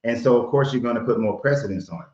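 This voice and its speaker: A man's voice: medium pitch, very fast, a little mellow. A man hosting a show, arguing bluntly and sarcastically in a heated debate. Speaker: host. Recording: roomy, dull sound.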